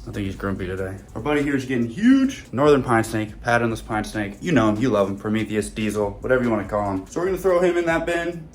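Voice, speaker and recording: A man's voice: mid-range voice, expressive, fast talker, few pauses. A man, chatting casually and jokingly as he tends his snakes. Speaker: reptile keeper and vlogger. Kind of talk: casual vlog.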